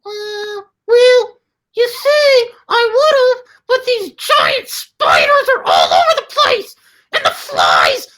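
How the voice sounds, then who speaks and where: A shrill, excitable little frog. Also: female voice, takes it slowly, shouting, exaggerated voice. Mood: excited. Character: excitable small frog sidekick. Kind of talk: improv comedy.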